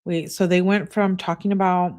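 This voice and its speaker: A woman talks through a case on her own channel in a casual, musing way. Her voice sits a little low. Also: steady tone, moderate pace, a little mellow. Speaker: YouTube channel host. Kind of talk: casual true-crime commentary.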